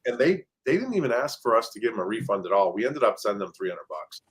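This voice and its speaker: A man's voice: on the low side, big pitch swings, fast talker. A man in casual podcast chat about managing rental properties, telling stories and acting out quoted exchanges with lots of fillers. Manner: storytelling, acts out quoted exchanges, many fillers.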